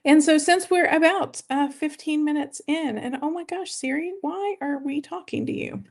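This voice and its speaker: A woman's voice: sits high, moderate pace. A woman hosting a weight-loss live stream from home, chatting casually and rambling as she greets and thanks viewers.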